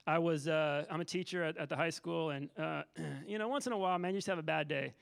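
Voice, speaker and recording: A man's voice: fairly high pitch, fast, vocal fry, smooth. A man in his thirties giving a sermon, telling a candid personal story with many restarts and fillers. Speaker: teacher giving a church teaching.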